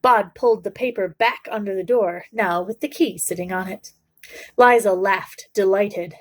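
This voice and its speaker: A woman reading a children's novel aloud for a book club, in a steady, measured storytelling voice. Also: mid-range voice.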